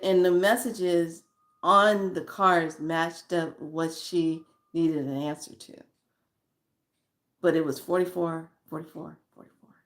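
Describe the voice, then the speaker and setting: A woman who reads tarot cards, telling stories about her readings in a chatty, blunt way with casual swearing. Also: on the low side. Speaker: tarot card reader. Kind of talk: casual storytelling.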